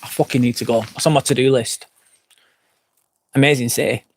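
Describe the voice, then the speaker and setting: A tipsy English streamer chats loosely from a glamping site's fire pit, going through viewer comments and breaking into crude, rambling rants. He speaks fairly quickly in a mid-range voice with fairly even intonation.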